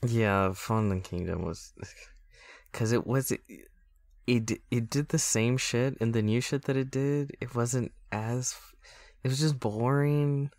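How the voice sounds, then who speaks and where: A man's voice: mid-range voice, slow, a little mellow, no echo. A man hosting a casual podcast chat, joking, laughing often and swearing freely. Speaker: podcast host who came up with the series.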